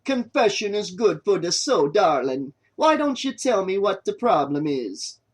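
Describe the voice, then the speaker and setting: A man's voice: high-pitched, sing-song, a little slow, slightly rough, pitched above the performer's own voice, full character voice. A man reading an audiobook, voicing a stoned young cameraman with an overdone fake Jamaican accent who teases lazily. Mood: laid-back teasing. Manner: lazy, teasing, calls everyone darling. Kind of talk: audiobook character voice.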